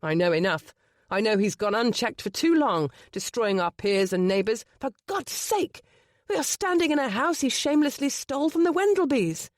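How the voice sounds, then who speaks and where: A narrator voicing a stern, stubborn nobleman brother in an audiobook, loud and indignant. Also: high voice, moderate pace, no room sound, clean studio sound, lightly acted. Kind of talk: audiobook character voice.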